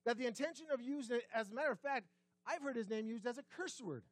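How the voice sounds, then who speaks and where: A man preaching a sermon as pastor, conversational, asking the congregation questions and dropping his voice low and quiet for emphasis. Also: quick pace, no echo. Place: church sanctuary.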